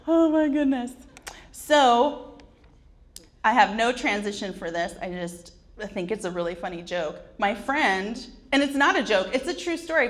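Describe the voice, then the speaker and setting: A woman's voice: mid-range voice, a bit bright. A woman in her forties telling wry, self-deprecating comic stories on a conference stage, often laughing at her own jokes. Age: 40s. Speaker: conference speaker. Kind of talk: comedic personal storytelling.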